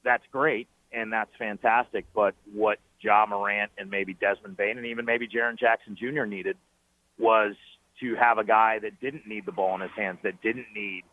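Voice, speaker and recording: A man with a fairly low voice calls in over a thin, tinny phone line. He is a team broadcaster spinning animated stories on a sports talk show, full of fillers and restarts. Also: normal speed. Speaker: team play-by-play broadcaster, guest. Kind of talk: sports talk radio interview. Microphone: phoning in.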